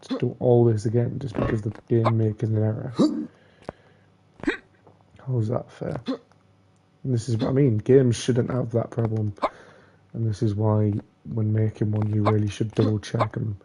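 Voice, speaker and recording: A young man swearing and ranting angrily while commenting on his own gameplay, muttering curses under his breath between louder complaints. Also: fairly low pitch, flat delivery, unhurried, background noise. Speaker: gamer playing a platform game.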